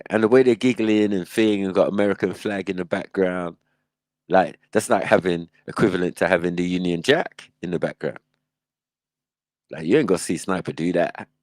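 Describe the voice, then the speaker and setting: Deep-voiced man, lively slangy host. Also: no echo. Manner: animated, slangy, laughs often. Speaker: livestream host. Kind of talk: casual reaction commentary.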